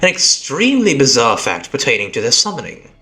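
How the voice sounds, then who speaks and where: A British man playing a calm analytical detective. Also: medium pitch, a little fast, faint music behind. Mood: musing. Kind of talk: reading game dialogue aloud on a live stream.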